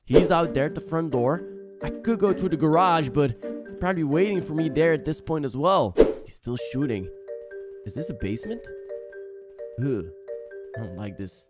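A young man narrating a horror game he is playing, jumping between hushed muttering and startled yelling. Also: on the high side, animated, normal speed, loud music behind the voice. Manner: jumpy, exclaiming, swings between hushed and yelling. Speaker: gaming channel host.

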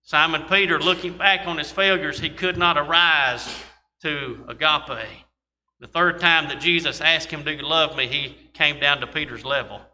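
A man's voice: fairly high pitch, a little slow, sharp tone, slight background noise. A man preaching a sermon, reading scripture and adding folksy asides. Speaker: pastor. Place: church sanctuary. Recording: long church reverb.

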